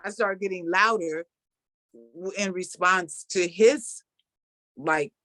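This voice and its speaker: A middle-aged woman hosting a casual video call chat, speaking warmly about a spiritual practice and laughing often. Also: fairly low pitch, takes it slowly, dry recording. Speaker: host.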